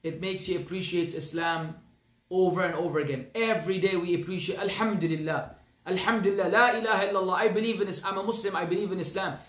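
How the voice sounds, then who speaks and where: A man's voice: high-pitched, fairly even intonation, quick pace, reverberant. A man with an Arabic accent teaching a religious class, speaking earnestly and emphatically, often repeating his phrases. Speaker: Islamic teacher.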